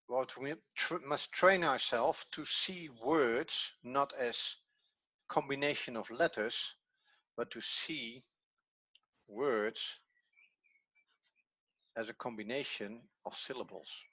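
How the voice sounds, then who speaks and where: A man's voice: mid-range voice, takes it slowly, pauses often, bright, forceful tone. A man with a Dutch accent, a native Dutch speaker teaching a language lesson in English, patiently repeating key words as he explains. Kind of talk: classroom lesson.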